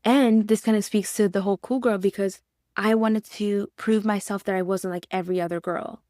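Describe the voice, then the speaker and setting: A woman tells a personal story in a casual podcast chat, slipping into her own past words as she goes. Her voice sits at a middle pitch, recorded close and dry with no room sound. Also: steady tone, moderate pace, dark tone, no echo.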